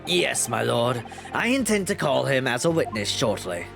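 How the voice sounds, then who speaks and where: A man voicing a haughty male prosecutor, deliberate and formal in his delivery. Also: medium pitch, big pitch swings, gravelly, over music, voice pushed down.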